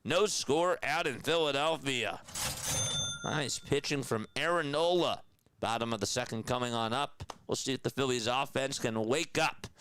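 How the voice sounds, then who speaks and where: A man's voice: medium pitch, slight background noise. Male live-stream baseball play-by-play announcer. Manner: excited, loud greetings to viewers in chat; steady, measured game calls. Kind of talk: radio-style play-by-play with chat shout-outs.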